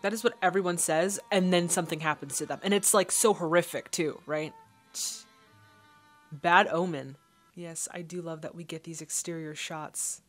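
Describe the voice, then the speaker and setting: A woman's voice: lowish voice, fairly even intonation, moderate pace, soft background music. A woman hosting a casual movie reaction, chatting and thinking aloud as the film plays.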